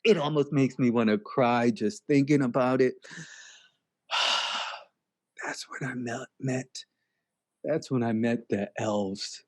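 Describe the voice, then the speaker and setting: A man tells a comedic story in a dreamy, spaced-out ramble, drawing out "man" and restarting sentences that trail off. His voice is mid-range with fairly even intonation.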